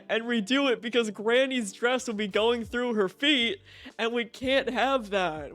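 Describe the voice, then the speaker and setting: Young guy streamer with a high voice, swearing and ranting, faint music behind. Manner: profane, animated ranting with frequent "right?" asides. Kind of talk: casual storytelling on a game stream.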